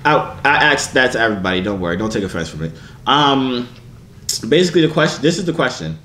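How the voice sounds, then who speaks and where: A man's voice: mid-range voice, sing-song, fast talker, a bit bright. Playful, teasing young man in an echoey room. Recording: echoey room, faint background hiss.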